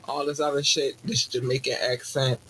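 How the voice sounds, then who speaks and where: In this rough recording with slight hiss or hum, a man of medium pitch hosts a podcast at a moderate pace. His casual rant turns into a mock sermon, profane and animated with preachy asides.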